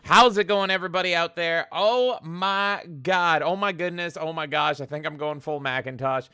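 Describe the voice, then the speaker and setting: A man co-hosting a gaming podcast in a casual chat, excitable and quick to swear, with rapid exclamations. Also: fairly high pitch, clean tone, dry recording, clean studio sound. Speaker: podcast co-host.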